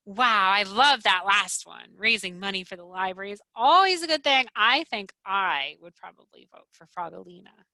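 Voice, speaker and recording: A woman librarian reading a picture book aloud to children in an animated way, with gasps and questions. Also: mid-range voice, normal speed, no echo. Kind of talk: children's storytime read-aloud.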